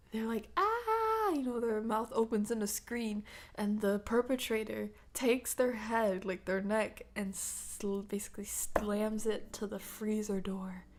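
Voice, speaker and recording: A woman's voice: medium pitch, darkish tone. A woman with a stuffy nose chatting on a livestream, often dropping into a half-whisper, giggling as she reads and answers chat. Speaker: ASMR streamer.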